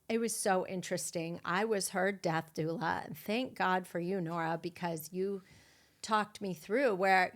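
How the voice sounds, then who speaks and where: A middle-aged woman hosting a podcast, telling a raw, emotional personal story with blunt swearing and dark humor. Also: on the low side. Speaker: podcast host. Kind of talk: candid conversational storytelling.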